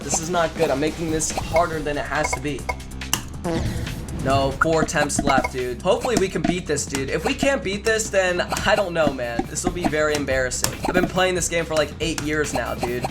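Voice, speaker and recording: A young man talks his way through a tough level, voice jumping from tense mutters to loud shouts as he plays. He keeps a casual, chatty tone and leans on "dude" a lot. Loud music plays under everything. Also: fairly high pitch. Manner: chatty, says "dude" a lot, jumps between nervous and hyped. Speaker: gaming video creator. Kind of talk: excited gameplay commentary. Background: loud background music.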